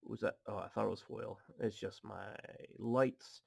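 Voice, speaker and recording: A man's voice: on the low side, moderate pace, vocal fry, slightly rough, dry recording. A man hosting a card-opening video at home, chatting casually and reading card text aloud with goofy asides. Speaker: card pack opening host. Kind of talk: casual chat while opening cards. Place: home apartment.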